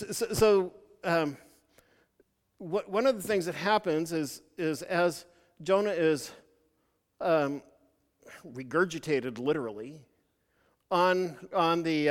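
A man preaching a sermon, telling a story in a halting way with many restarts. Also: on the high side, in a large hall.

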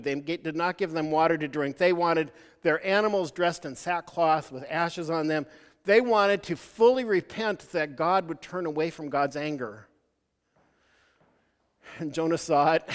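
A man preaching a sermon, telling a story in a halting way with many restarts. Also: fairly high pitch, in a large hall.

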